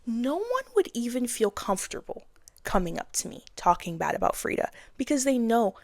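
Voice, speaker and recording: A woman's voice: on the high side, very animated, normal speed, no room sound, clean studio sound. A woman in her twenties giving frank, casual advice in a blunt monologue, with slang and swearing. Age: 20s. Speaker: vlogger.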